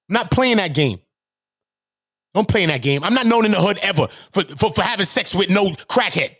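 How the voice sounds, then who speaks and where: Man, new york accent, from brooklyn, channel host, heated rant, fairly high voice, very lively pitch, repetitive, profane. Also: a little fast, husky, no room sound, clean studio sound. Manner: animated, repetitive, profane, acts out quoted voices.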